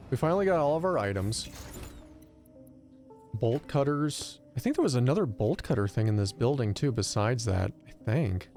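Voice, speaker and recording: A man streaming a video game, telling stories in a loose, animated way and cursing often in casual commentary. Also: medium pitch. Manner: animated storytelling, profane rants.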